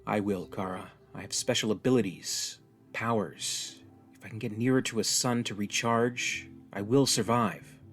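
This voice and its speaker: A man's voice: lowish voice, moderate pace, fairly bright tone, soft background music, lightly acted. Hopeful Kryptonian hero, earnest and encouraging, voiced by a male storyteller.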